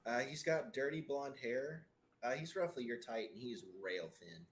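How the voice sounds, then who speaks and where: A man's voice: mid-range voice, lively intonation, normal speed. A man narrating as game master in a loose, casual way, full of fillers.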